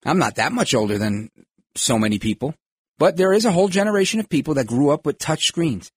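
Husky-voiced man ranting. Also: a little high, lively intonation, a little fast, dry recording. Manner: emphatic, acts out quoted voices. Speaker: podcast host. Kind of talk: political commentary monologue.

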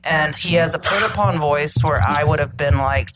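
A woman with a notably low voice talks through a film in casual podcast chat. She is thoughtful and dry, with small asides about her own opinions. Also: moderate pace.

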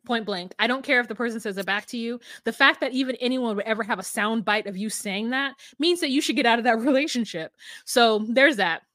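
Recapping a show with her podcast co-host, a woman tells the story with animation, performing the quotes herself. She speaks briskly in a voice on the high side, and the recording is dry and studio-clean.

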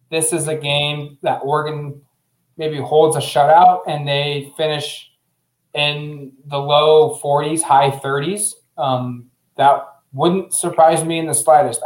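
A man hosting a casual sports chat, thinking out loud about game predictions with plenty of "um"s. His voice sits at an ordinary middle pitch. It rings with a noticeable room echo. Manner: relaxed, uses fillers, thinks aloud. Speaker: sports podcast host. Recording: roomy echo.

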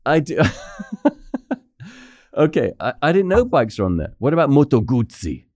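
A man's voice: mid-range voice, very animated, unhurried, a little mellow, dry recording, clean studio sound. A man with an English accent, hosting a podcast in a jokey, casual chat and laughing often. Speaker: podcast host.

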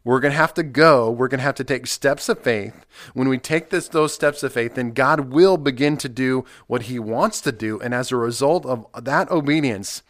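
An earnest man delivers a podcast sermon in a middle-pitched voice. He preaches with emphasis and comes back to key phrases again and again. The recording is dry and close, with no room echo. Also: normal speed, fairly bright tone. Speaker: pastor.

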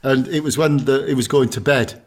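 A man's voice: medium pitch, steady tone, fairly quick. A middle-aged man co-hosting a podcast, telling a funny anecdote in casual chat. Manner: jovial anecdote teller. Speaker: podcast co-host.

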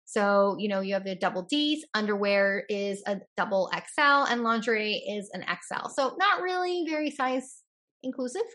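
A young woman co-hosting a casual chat, talking in a lively, chatty way. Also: mid-range voice, moderate pace. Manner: lively, chatty, laughs often. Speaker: co-host.

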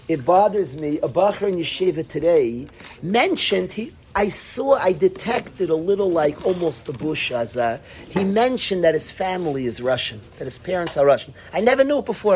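High-voiced, impassioned rabbi. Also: male voice, darkish tone, slight background noise. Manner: impassioned, scolding, repeats and restarts phrases. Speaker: yeshiva rabbi. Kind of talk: mussar talk to students.

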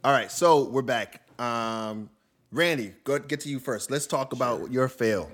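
A man's voice: medium pitch, measured pace, fairly bright tone. A man hosting a parenting podcast who talks in a loose, casual way and uses lots of fillers. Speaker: podcast host.

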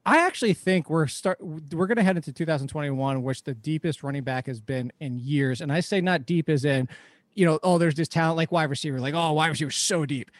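Chatty fantasy football host, man, slightly high voice, dry close sound. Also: brisk, no room sound. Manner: chatty, rambling, laughs easily. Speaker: podcast host. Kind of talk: casual fantasy football talk.

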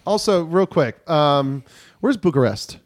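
A man's voice: on the high side, expressive, a little slow. A man hosting a podcast, reading music news aloud and then joking about it with his co-hosts. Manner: reads news items, then jokes and laughs. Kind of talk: casual comedic chat.

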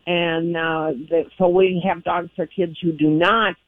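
A woman's voice: lowish voice, level tone, a little slow, dry recording. A woman calling in to a radio show by phone, explaining a youth dog program steadily with many ums. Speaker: phone-in guest from a dog breeders' group. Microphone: telephone. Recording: tinny phone line.

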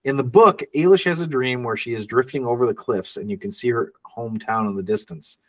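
A man's voice: medium pitch, fairly quick, distant mic. A man co-hosting a casual film podcast, reading out trivia notes and laughing often. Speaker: podcast co-host.

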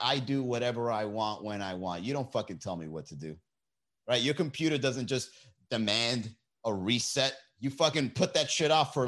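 A man hosting a comedy podcast, talking in a profane, animated, laughing monologue to a live chat. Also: mid-range voice. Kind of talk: casual comedy monologue on a livestream. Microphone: desk mic with mixer.

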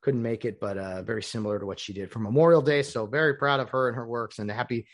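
A man's voice: medium pitch, quick pace. A man hosting a casual solo show, rambling and acting out the lines he quotes. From United States. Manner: rambling, animated, acts out quoted dialogue. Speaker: podcast host.

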